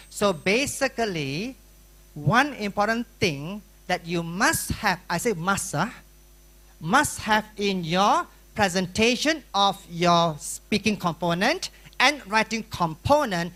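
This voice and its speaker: A woman with a Malaysian English accent lecturing students at an exam-preparation workshop, animated and playful, acting out chatter with sound effects. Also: medium pitch. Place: school hall.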